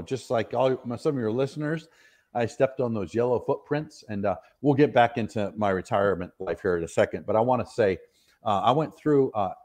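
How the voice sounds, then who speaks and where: With a mid-range, darkish voice, a middle-aged American who retired from the military shares stories as a podcast guest. The interview is casual, and he comes across as earnest and meandering, with frequent laughter.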